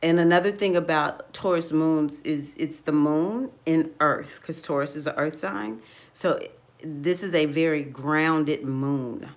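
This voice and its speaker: A middle-aged woman, an astrologer, talking casually about her own experiences. She acts out her past thoughts in a high voice and laughs often. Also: a little slow. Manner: laughs often, loose and conversational. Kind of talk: casual personal talk.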